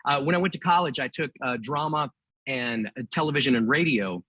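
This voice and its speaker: Middle-aged Texan man, interview guest, chatty and laughing, bright, husky tone. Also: medium pitch, lively intonation, brisk, dry recording, muffled recording. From Texas. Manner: chatty, laughs often, many restarts. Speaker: guest ventriloquist. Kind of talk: casual interview chat.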